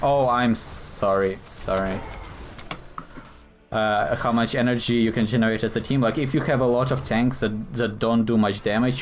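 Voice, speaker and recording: A man's voice: lowish voice, a little hiss or hum. A man giving live commentary over his own gameplay, thinking aloud and explaining his choices in a hesitant, explanatory way.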